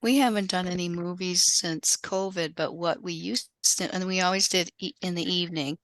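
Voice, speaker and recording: A woman's voice: fairly low pitch, fairly even intonation, moderate pace, a bit bright, no room sound. A woman from library staff in a roundtable discussion, speaking frankly and reassuringly with emphasis.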